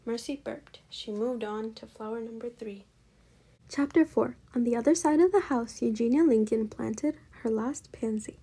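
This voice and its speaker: A woman reads a children's storybook aloud with a gravelly, slightly husky voice. Her tone is mellow and dark, and she tells the story in a steady, gentle way. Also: on the high side, moderate pace. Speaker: storybook reader. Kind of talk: children's book read-aloud.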